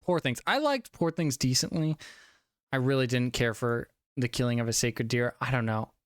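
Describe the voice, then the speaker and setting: A man's voice: mid-range voice, moderate pace, no room sound, studio quality. A young man streaming a casual movie review, a little tipsy from drinking, rambling and swearing with frequent laughs. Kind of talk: casual live-stream chat.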